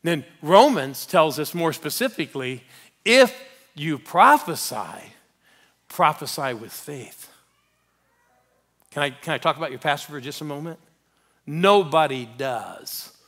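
Man, guest pastor, sermon in a church, lively storytelling, calls to the crowd, bright tone. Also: mid-range voice. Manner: animated, urging the congregation to respond. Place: church sanctuary.

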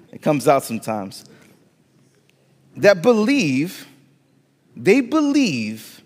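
Slow, deliberate Latino-accented pastor. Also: male voice, high-pitched, a little mellow, big-room sound. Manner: emphatic, repeats phrases for weight. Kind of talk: sermon. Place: church sanctuary.

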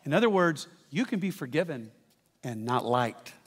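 A man preaching a sermon as pastor, telling stories with lively asides to the congregation. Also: medium pitch, normal speed, husky, in a large hall. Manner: animated storytelling with asides to the congregation.

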